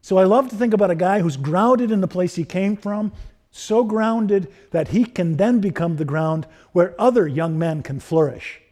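A middle-aged man preaching a sermon, building through repeated rhetorical questions and softening into personal stories. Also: high voice, normal speed. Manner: rhetorical questions, rising emphasis. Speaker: pastor.

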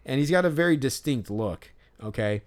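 A man's voice: mid-range voice, lively intonation, moderate pace. Rambling man on a casual podcast. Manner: rambling, with lots of fillers and restarts; mimics other fans in a raised voice. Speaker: podcast co-host. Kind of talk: casual chat.

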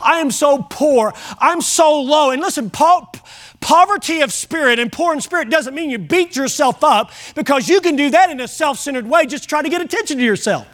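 A man's voice: very high-pitched, lively intonation, fairly quick, a bit bright. A man preaching a sermon as pastor, with a folksy, emphatic delivery that acts out prayers.

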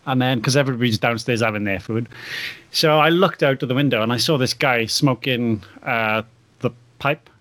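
A man's voice: medium pitch, moderate pace, fairly bright tone, dry recording. A man chatting casually as a guest, a wedding photographer who tells stories in a rambling, restarting way. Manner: rambling, anecdotal, many restarts and laughs. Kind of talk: casual podcast chat.

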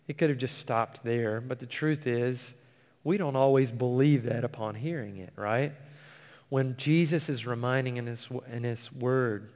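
A man preaching a sermon, reading scripture slowly and earnestly and explaining it to a congregation. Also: mid-range voice, a little mellow. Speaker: pastor. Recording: long hall reverb.

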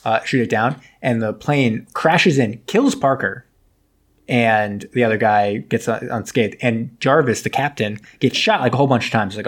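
A man at an ordinary pitch talks through the plot of an old film in a loose, conversational way. He keeps dropping into quick impressions of the characters' lines before carrying on with the story. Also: breathy edge. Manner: retells scenes, acting out characters' lines in quick asides. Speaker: podcast co-host recapping a film. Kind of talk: casual chat.

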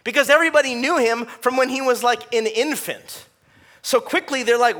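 A man's voice: very high voice, normal speed, sharp tone. A young adult man preaching a sermon in a casual, conversational way, with lots of fillers. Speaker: pastor.

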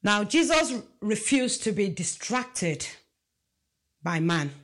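A woman's voice: mid-range voice, sing-song, slow. A woman preaching a sermon, emphatic and asking the congregation rhetorical questions.

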